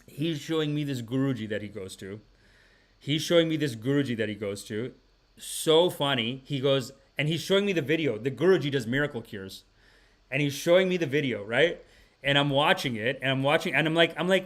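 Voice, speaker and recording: A man hosting a comedy podcast, telling rambling casual stories with animated energy and frequent laughter. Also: mid-range voice, a little fast. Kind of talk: casual comic storytelling.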